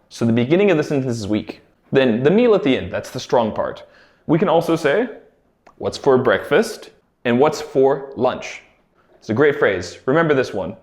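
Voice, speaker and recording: Animated man teaching English phrases. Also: on the high side. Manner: slow, exaggerated modelling of example phrases. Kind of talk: lively teaching narration.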